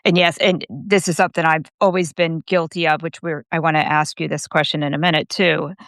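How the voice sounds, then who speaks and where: A woman's voice: low voice, fairly even intonation, fairly quick, no room sound, studio quality. A woman hosting a podcast interview, affirming her guest and winding toward her questions. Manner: warm affirming listener, circles around before asking a question. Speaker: podcast host. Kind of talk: casual interview talk.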